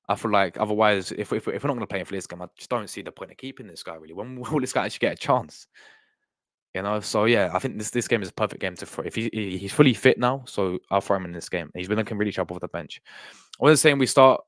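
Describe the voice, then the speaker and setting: A young man hosts a casual live stream in a slightly low voice. He rambles, restarts and repeats himself while he answers his chat. The sound is dry and close. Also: no echo.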